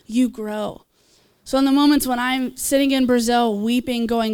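A woman's voice: fairly high pitch, steady tone, moderate pace, few pauses, a little mellow, clean tone. A woman preaching and leading prayer at a church gathering, earnest and encouraging, with small asides and laughs. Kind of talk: sermon and altar call.

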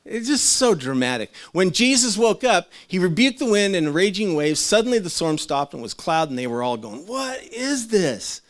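A middle-aged man preaches in a relaxed, conversational sermon. He is heartfelt and animated, often laughing and restarting his sentences, and he grows soft and low in the tender passages. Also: moderate pace, few pauses. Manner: drops soft and low when speaking of loss. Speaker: pastor.

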